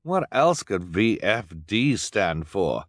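A man's voice: fairly low pitch, big pitch swings, takes it slowly, dry recording, clean studio sound. A man voicing a prim, fussy male bidder in a suit.

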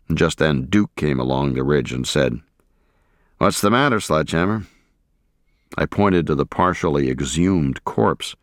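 Deep-voiced man narrating a war memoir. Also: fairly bright tone, no echo, clean studio sound. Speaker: audiobook narrator. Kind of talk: first-person memoir narration.

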